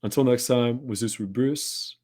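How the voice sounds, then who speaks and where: A man's voice: medium pitch, unhurried, darkish tone, husky. A man hosting a podcast, talking listeners through a self-help monologue in an earnest, encouraging coaching tone. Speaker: podcast host.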